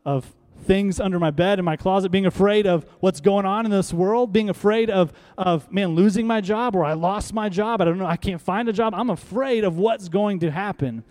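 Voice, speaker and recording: High-voiced preaching man, emphatic. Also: normal speed, few pauses, darkish tone. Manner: emphatic, rhetorical questions, leads congregation to repeat lines; uses props on stage while preaching. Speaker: pastor. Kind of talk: sermon.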